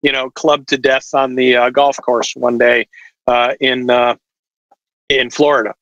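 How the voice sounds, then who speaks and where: A man's voice: medium pitch, level tone, unhurried, a bit bright, dry recording, dull audio. A man talking as a podcast guest over a video call, explaining at length with lots of fillers. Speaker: watch distributor guest. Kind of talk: casual podcast chat.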